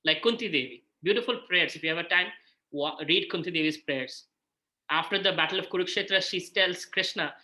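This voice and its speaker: A man's voice: high-pitched, brisk, rough recording. A man with an Indian English accent giving an informal scripture talk, telling stories and acting out the voices of people in them. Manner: animated storytelling, acts out quoted voices. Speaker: spiritual teacher.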